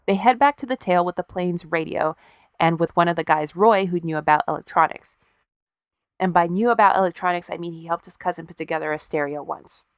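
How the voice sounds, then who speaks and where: A woman's voice: lowish voice, fairly quick, smooth, dry recording, studio quality. A woman co-hosting a podcast, casually telling a story with wry, profane asides and acted-out quotes. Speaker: podcast co-host.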